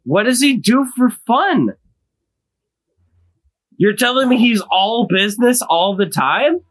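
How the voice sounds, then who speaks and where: A podcast co-host in casual chat, talking slowly and playfully. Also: medium pitch, lively intonation, poor audio.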